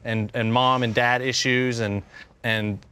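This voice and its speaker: A man's voice: medium pitch, little pitch movement, a little slow, bright, forceful tone, clear, resonant tone. A young man casually telling a story on a podcast, rambling and full of restarts. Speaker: podcast co-host.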